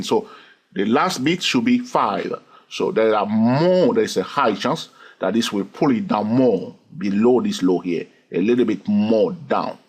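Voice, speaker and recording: With a husky, mid-range voice, a man leads a lesson on reading charts as a trading instructor. He counts the waves out loud and keeps asking his listeners "okay?" and "yes or no?"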